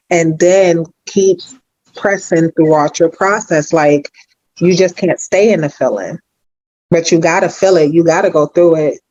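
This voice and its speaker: A woman's voice: fairly low pitch, a little mellow, highs cut off. A woman coach on a video call giving earnest, insistent advice and repeating her points. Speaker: growth mindset coach.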